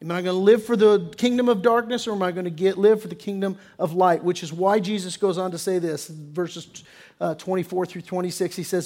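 High-voiced man preaching emphatically. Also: steady tone, brisk. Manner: emphatic preaching with sudden loud stresses and drops; acts out quoted attitudes in character. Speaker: pastor. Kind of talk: sermon.

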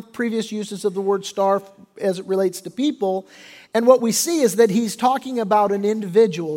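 A man preaching a sermon as pastor. He explains things conversationally and often restarts his sentences. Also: high-pitched. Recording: long reverb of a large hall.

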